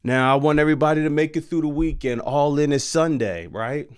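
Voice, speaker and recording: A man ranting on a live stream about wrestling, exasperated and sarcastic, sometimes bursting into shouts. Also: fairly high pitch, brisk, smooth.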